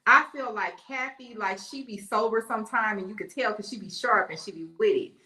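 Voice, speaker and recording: Bright-voiced woman telling stories in an echoey room. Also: mid-range voice, brisk. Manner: storytelling, informal dialect. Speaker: panelist. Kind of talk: casual gossip chat. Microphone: remote call.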